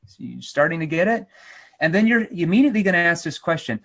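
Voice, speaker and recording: Energetic, emphatic male sales trainer. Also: fairly high pitch, fast, vocal fry. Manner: energetic, emphatic, acts out role-plays. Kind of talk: sales seminar teaching.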